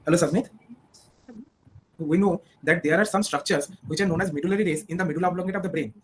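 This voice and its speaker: A woman's voice: on the low side, quick pace, a little hiss or hum. A young woman with an Indian accent asking quiz questions, probing and steering the contestant with short prompts.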